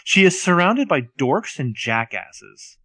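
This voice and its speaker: A man's voice: on the high side, very animated, slow pace, sharp tone, no room sound. A man co-hosting a podcast, animatedly retelling scenes in casual chat and swearing freely. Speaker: podcast co-host.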